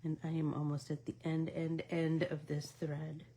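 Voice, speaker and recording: A middle-aged woman hosting a casual embroidery stitch-along livestream, chatting while she stitches and drifting into soft asides. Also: low voice, completely flat delivery, moderate pace, breathy edge.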